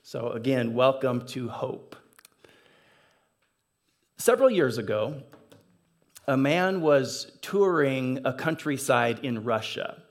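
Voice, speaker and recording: A man, a pastor, preaching a sermon in church, telling a story and slowing down to stress key phrases. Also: mid-range voice. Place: church sanctuary.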